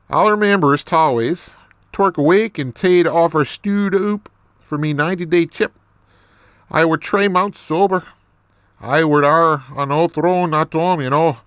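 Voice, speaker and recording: A man reading a novel aloud, putting on a rough Irish accent for a boastful recovering drinker who talks in thick dialect. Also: a little high, fairly bright tone, no echo, studio quality. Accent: attempted Irish. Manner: thick dialect, storytelling brag. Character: gruff older male recovering drinker, boastful.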